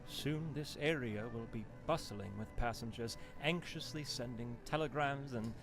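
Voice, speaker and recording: A man voicing a haughty Edwardian gentleman in a video game, dry and disdainful. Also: medium pitch, normal speed, over music, lightly acted.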